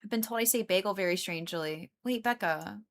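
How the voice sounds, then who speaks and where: A woman live streamer with a mid-range, slightly bright voice talks briskly and casually with her viewers. She rambles with plenty of fillers, laughs often, and greets and responds to her chat.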